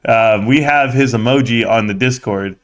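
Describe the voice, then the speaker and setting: A man's voice: mid-range voice, normal speed. 40s dude hosting a livestream, jokey and hyped, teasing his guest. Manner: animated, joking, excitable teasing. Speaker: live stream host. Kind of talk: casual banter on a live stream.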